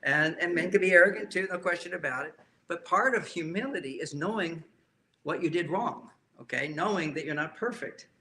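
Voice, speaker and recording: A man's voice: on the high side, brisk, pushed and bright, a little hiss or hum. A man speaking as a relationship counselor, giving an emphatic talk to a live audience and often repeating key phrases.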